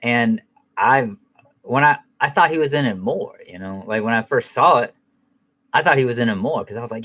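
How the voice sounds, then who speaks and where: A man's voice: medium pitch, expressive, normal speed, bright, forceful tone. Rambling, foul-mouthed middle-aged man. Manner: rambling, profane, self-correcting. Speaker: film reviewer. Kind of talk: casual spoken film review.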